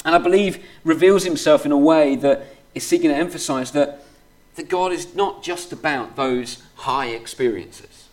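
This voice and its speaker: A man's voice: a little high, normal speed, a little mellow. A man preaching a sermon in a conversational way, reading scripture aloud and filling his talk with "kind of" and "you know". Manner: reads scripture aloud steadily.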